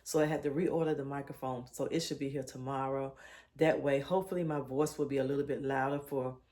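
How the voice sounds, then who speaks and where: Soft-spoken woman in her sixties. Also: extremely low pitch, fairly even intonation, fairly quick. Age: 60s. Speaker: cooking vlogger. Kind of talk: casual chat while cooking. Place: home kitchen. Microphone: phone.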